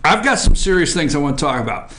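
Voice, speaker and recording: A man hosts a casual morning talk show, his voice sitting a little high. He rambles and wisecracks with an irreverent, offhand manner from a studio desk. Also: lively intonation, fast talker, sharp tone, echoey room, a little hiss or hum. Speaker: opinion show host.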